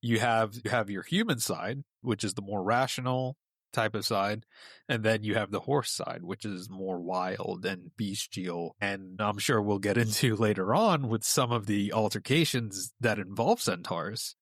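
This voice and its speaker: A man's voice: fairly low pitch, measured pace, a bit bright, dry recording, studio quality. A man chatting on a podcast as a guest, telling a myth in a loose, rambling way with lots of fillers. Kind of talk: casual chat.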